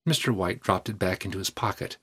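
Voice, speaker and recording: A man narrating a story aloud in a measured, even manner. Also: low voice, husky. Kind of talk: audiobook reading.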